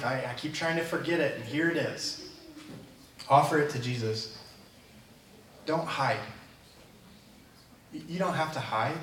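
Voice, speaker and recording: A man's voice: medium pitch, fairly bright tone, recorded from a distance, slight background noise. Earnest man preaching in a roomy church. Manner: earnest, conversational, plain-spoken. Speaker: pastor. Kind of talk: sermon. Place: church sanctuary.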